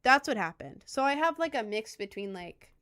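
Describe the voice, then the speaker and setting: A woman's voice: a little high, big pitch swings, moderate pace, a bit bright. A woman streamer with an American accent tinged with a little Southern and New York, chatting casually and rambling with lots of fillers. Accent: General American with slight Southern and New York touches. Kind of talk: casual livestream chat.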